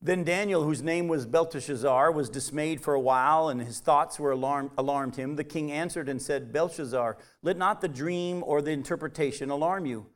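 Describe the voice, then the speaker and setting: High-voiced man preaching with big swings. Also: moderate pace, few pauses. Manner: animated preaching, swinging from loud emphatic highs to quiet low asides. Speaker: pastor. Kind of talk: sermon.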